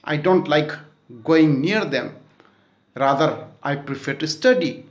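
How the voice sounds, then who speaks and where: A man's voice: a little high, slow pace, echoey room. A man reading the part of a stern, studious elder brother who scolds and lectures his younger sibling. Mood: scolding.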